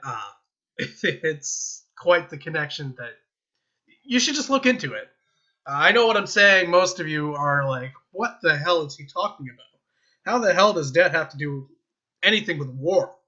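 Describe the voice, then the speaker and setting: A young American man talks through his political views while playing a game, rambling and stopping to chuckle or fix his words. His voice is very bright and a little high for a man, recorded on a dull, lo-fi home mic. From United States. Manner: rambling, self-interrupting, with chuckles. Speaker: gaming vlogger giving political opinions. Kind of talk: casual rambling commentary while gaming.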